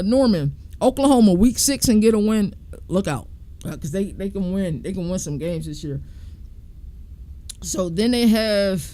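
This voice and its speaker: A man's voice: sits high, darkish tone. A man hosting a sports podcast, talking casually and in slang while he thinks aloud and counts through team schedules.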